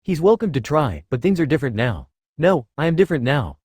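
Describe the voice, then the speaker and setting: Ein Mann als höhnischer junger Schurke. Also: male voice, a little high, big pitch swings, fairly quick, a little mellow, slightly rough, dry recording, clean studio sound. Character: cruel powerful young male villain, smug.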